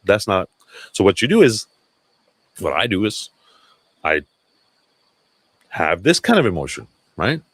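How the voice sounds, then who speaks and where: Deep-voiced man in a casual livestream. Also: sing-song, moderate pace, pauses often, a bit bright, no echo. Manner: loose, profane, self-interrupting. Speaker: livestream host.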